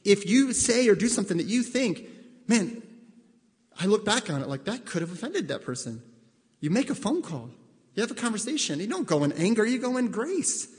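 High-voiced pastor preaching in a reverberant hall. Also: male voice, very animated, a little fast, darkish tone. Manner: conversational, asks the congregation direct questions; acts out both sides of conversations. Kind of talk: sermon.

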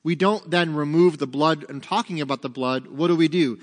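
In a large hall, a man with a fairly high voice teaches an interactive Bible study at a fairly quick clip. He poses questions to his listeners and then answers them himself.

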